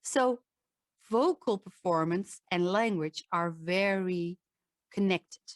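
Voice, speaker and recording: A woman with a Dutch accent, a voice coach giving a lively presentation and often correcting herself mid-sentence. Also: lowish voice, slow, no room sound. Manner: lively, animated, with restarts and self-corrections. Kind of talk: presentation talk to an audience.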